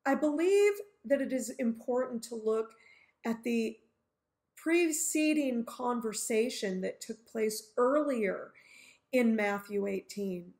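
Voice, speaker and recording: Slow, high-voiced woman teaching scripture. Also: a little mellow. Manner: earnest, acts out everyday scenarios to explain scripture. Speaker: Bible teacher. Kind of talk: Bible teaching talk.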